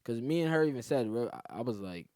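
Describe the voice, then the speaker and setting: A man's voice: mid-range voice, expressive, fast, dark tone, no echo, clean studio sound. A man, a comedian guest on a podcast, telling a story in a casual, profane way and often saying "you know what I'm saying". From New York.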